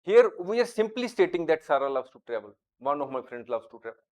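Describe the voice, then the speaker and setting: A man with a somewhat high voice teaches a grammar lesson. He talks deliberately and draws out each example sentence as he reads it aloud. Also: sing-song, darkish tone.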